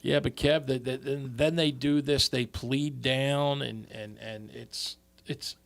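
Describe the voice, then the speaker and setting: A man co-hosting a podcast in casual chat, halting and often repeating his words. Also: medium pitch, fairly even intonation, gravelly. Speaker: podcast co-host.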